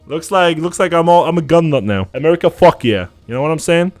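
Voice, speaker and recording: A man's voice: on the high side, animated, fast, a little mellow, soft background music, pitched above the performer's own voice, close to an everyday voice. A German man putting on a brash gun nut. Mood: boastful. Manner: boastful, exaggerated. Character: brash gung-ho Southern American man.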